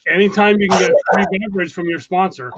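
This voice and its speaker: A man guest rattles off rambling stories at high speed in a casual call-in chat. His voice sits a little high and comes through dull, muffled remote audio. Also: over a noisy crowd. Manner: talks very fast, rambling.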